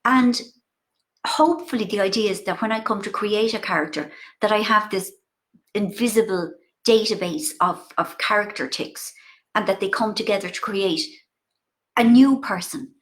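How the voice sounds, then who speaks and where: A woman's voice: medium pitch, normal speed. A middle-aged woman with an Irish accent, chatting casually over a video call as an author guest, telling stories with playful asides.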